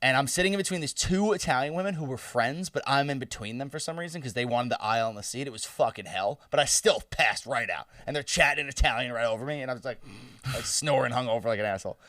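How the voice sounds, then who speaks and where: A man's voice: mid-range voice, fast, fairly bright tone, no echo, studio quality, far from the mic. A young man in his twenties, co-hosting a podcast, telling a story in a loose, profane, laughing way. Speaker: podcast co-host. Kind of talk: casual storytelling chat.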